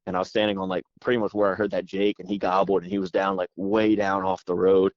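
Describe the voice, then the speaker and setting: A man guest telling a story with excited energy, rambling fast and saying "dude" constantly, calling in by phone. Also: low-pitched, dry recording. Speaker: podcast guest. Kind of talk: animated storytelling. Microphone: phone call. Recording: dull phone line.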